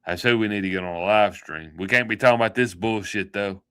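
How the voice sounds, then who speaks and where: Rambling folksy man with a bright voice. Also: on the low side, quick pace, clean tone. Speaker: livestream host. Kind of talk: casual livestream sign-off chat.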